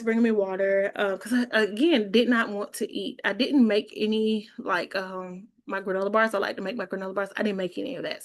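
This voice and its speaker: Woman vlogger, animated chatty storyteller, mid pitch. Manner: chatty, animated, laughs while telling. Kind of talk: casual storytelling vlog.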